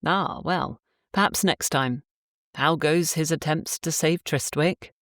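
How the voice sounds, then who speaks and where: A roguish gentleman landowner speaks with polished courtesy, read by a woman. The voice stays low and near the narrator's own tone. The recording is close and dry. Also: takes it slowly, dry recording. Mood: courteous.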